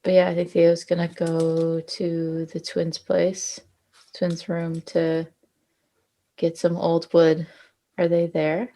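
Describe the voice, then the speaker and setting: A woman chats casually as a player in a tabletop role-playing game, hesitating with fillers and swearing now and then. Her voice is on the low side and dark, delivered in a monotone and slowly.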